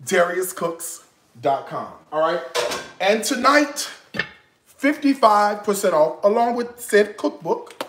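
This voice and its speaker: Guy hosting a cooking livestream, super lively voice going way up and down, takes his sweet time, playful and excitable. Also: high voice, takes it slowly, noisy background. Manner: excitable, playful, swings from hushed to loud. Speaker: cooking show host. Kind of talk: live-stream cooking chat. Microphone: live-stream setup.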